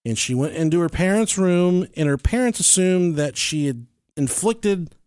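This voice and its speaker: A man's voice: sits high, animated, normal speed, a little mellow, clean tone, no echo, clean studio sound. A man hosting a podcast, telling stories in casual chat, swearing freely, joking and laughing as he goes. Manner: profane, joking, laughs often while telling. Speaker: podcast host.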